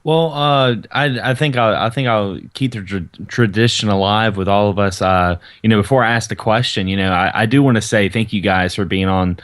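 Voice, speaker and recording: A low-pitched man, speaking in a relaxed, halting way with plenty of "you know"s. He asks the guests questions on a casual podcast. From American South. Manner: easygoing, hesitant, many fillers.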